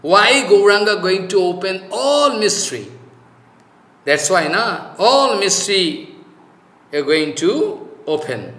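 High bright man preaching. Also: very animated, reverberant. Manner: informal halting English with frequent "you know" fillers; emphatic, repeats key phrases. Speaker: spiritual teacher. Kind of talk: devotional scripture discourse.

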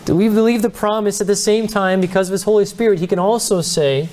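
A man's voice: high-pitched, steady tone, quick pace, a little mellow. Earnest man preaching at Bible study. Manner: earnest, conversational preaching with acted-out quotes. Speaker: pastor. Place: church.

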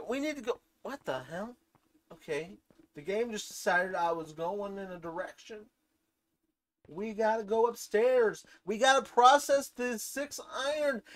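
A woman giving casual gameplay commentary, rambling from low mumbles to excited shrieks and talking to the game's items. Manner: talks to game items, swears casually. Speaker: gaming channel host.

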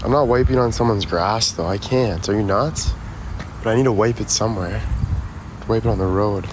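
Male streamer, low voice, rambling and profane, recorded on a phone outside with loud street noise. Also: normal speed. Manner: profane, excitable, talks to chat. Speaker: livestreamer. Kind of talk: casual live stream chat. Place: outdoors near a road.

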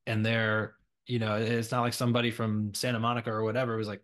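A man's voice: on the low side, completely flat delivery, fast talker, fairly bright tone. A man hosting a podcast, chatting casually and affirming his guest. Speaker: podcast host. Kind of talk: casual interview chat.

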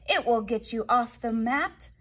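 A woman's voice: on the high side, animated, measured pace, fairly bright tone, husky, exaggerated voice. A woman voicing a bossy little pet rat in a read-aloud children's storybook. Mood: indignant. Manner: indignant, insistent.

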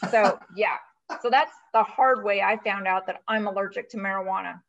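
A woman's voice: mid-range voice, normal speed, gravelly. Talkative woman guest, storytelling, slightly dull lo-fi audio. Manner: chatty, animated storyteller, many "you know" fillers. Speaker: guest, virtual CFO. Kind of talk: casual storytelling interview.

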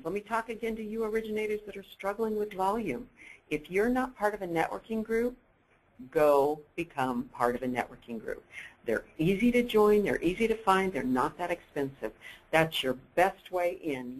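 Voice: medium pitch, poor audio. A presenter giving an upbeat sales training webinar, coaching listeners directly and acting out bits of dialogue.

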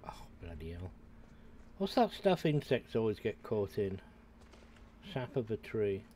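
With a lowish, warm voice that swings widely in pitch, an older man from the UK streams himself gaming at a measured pace. A little hiss or hum sits under his casual commentary as he chats to viewers and rambles aloud to himself.

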